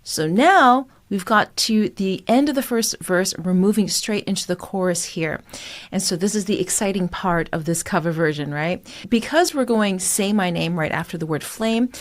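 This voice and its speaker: A woman's voice: medium pitch, normal speed. A woman singing coach explaining vocal technique with enthusiasm and breaking into sung examples. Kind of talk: vocal lesson with sung demonstrations.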